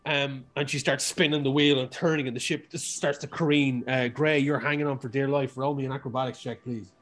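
Brief: male game master, mid-pitched, casual and rambling, full of fillers. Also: steady tone, fairly quick, a bit bright. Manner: loose and rambling, many fillers. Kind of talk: narrating a tabletop game.

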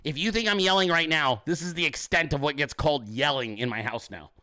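A man in his forties hosting a show, telling stories in a swearing, animated rant. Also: a little high, a little fast. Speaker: show host. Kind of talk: profane ranting monologue.

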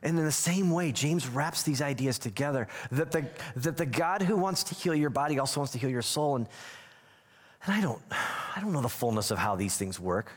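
A man's voice: mid-range voice, lively intonation, a little fast. A man giving a conversational sermon as pastor, joking and acting out little scenes. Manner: conversational, self-deprecating, acts out quotes. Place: church sanctuary. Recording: church hall reverb.

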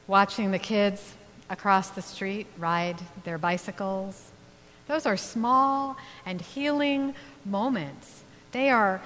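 A woman minister giving a sermon in a church, speaking in a reflective way with gentle pauses. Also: mid-range voice. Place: church sanctuary. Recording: long hall reverb, faint hum.

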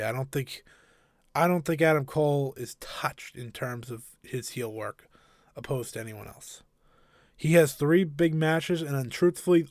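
Man, podcast host, enthusiastic and rambling, fairly high voice, dry close sound. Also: no echo. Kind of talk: wrestling review podcast.

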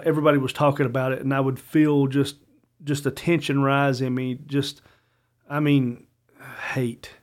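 A man, a combat veteran co-hosting a podcast, talking with barely held anger and heat. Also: medium pitch. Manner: angry, heated, emphatic. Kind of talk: casual podcast talk.

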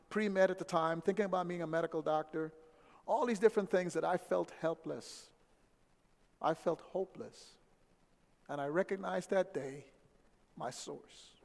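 Middle-aged man, high and gravelly, emphatic storyteller recorded in a reverberant hall. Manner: animated, emphatic, repeats key phrases. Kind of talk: personal storytelling. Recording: echoey hall with long reverb.

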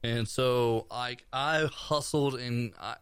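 A man co-hosting a casual podcast, talking quickly and teasing his friends. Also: medium pitch, smooth, no echo, studio quality. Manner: fast, teasing, animated storytelling. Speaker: podcast co-host. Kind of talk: casual chat.

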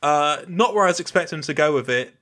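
A man's voice: on the high side, quick pace, sharp tone. A man hosting a podcast, chatting casually and rambling through his thoughts. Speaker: podcast host.

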